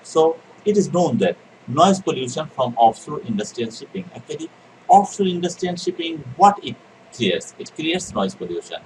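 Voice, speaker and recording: A man's voice: a little high, sing-song, normal speed, far from the mic, background noise. A man teaching an exam reading lecture, repeating key words and answering his own questions. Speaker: IELTS teacher. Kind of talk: recorded exam-prep lecture.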